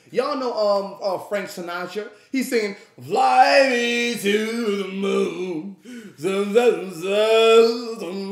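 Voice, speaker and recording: A man telling a story to a live audience, animated and profane, acting out the people in it. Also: high voice, roomy sound. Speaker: streamer.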